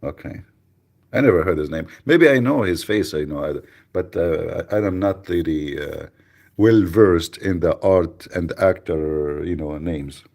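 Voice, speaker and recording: A man hosting a live radio show, chatting casually with mocking, rambling, deadpan asides. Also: low-pitched, measured pace, gravelly. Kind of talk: casual joking livestream chat.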